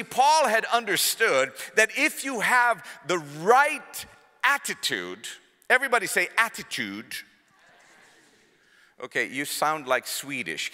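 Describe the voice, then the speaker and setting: A man preaching a sermon in a large church, animated, swinging between loud and hushed, and repeating words when he speeds up. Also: fairly high pitch. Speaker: guest preacher. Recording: long church hall reverb.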